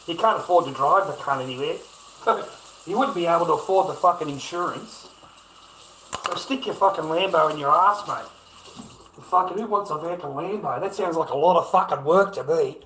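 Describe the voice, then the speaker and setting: A swearing, mocking Australian man in his fifties rants through a casual livestream. His voice sits a little high for a man, and the echoey room rings around every word. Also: moderate pace, a bit bright, slight background noise. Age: 50s. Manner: profane, ranting, mocking.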